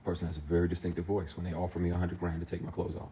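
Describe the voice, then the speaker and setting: Man, very low voice, intense straight-to-camera rant, salty and emphatic. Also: monotone, racing, mellow, slight background noise. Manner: emphatic, profane, heated storytelling. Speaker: actor. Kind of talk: impassioned direct-to-camera rant.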